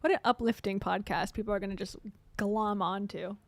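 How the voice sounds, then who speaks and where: A woman's voice: mid-range voice, steady tone, a little fast, no echo. A woman hosting casual reaction commentary, sarcastic and chatty, often laughing as she talks. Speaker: commentary channel host.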